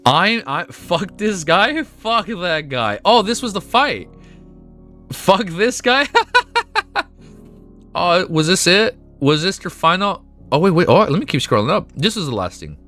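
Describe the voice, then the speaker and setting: A man streaming at home, reading a webnovel aloud and reacting with emotional, excitable outbursts full of swearing. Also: high voice, measured pace, soft background music. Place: at home with his dog.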